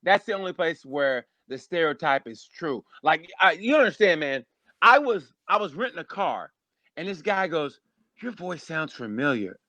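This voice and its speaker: Comedian guest, male, nonstop animated storyteller, somewhat high voice, dry recording. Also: normal speed, no echo. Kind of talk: casual podcast chat.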